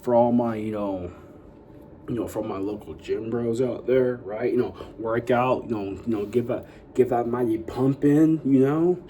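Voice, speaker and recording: Moving at a moderate pace with a mid-range voice, a young man vlogs over some background noise. The YouTuber rambles casually, packed with "like" and "you know," hyping up the people watching.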